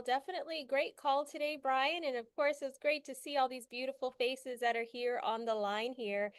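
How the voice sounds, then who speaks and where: A woman's voice: a little high, smooth, no room sound, clean studio sound. A woman on a live online call who talks with people about joining the club, speaking in an upbeat, friendly way. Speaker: sales team member. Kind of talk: casual chat on a live call.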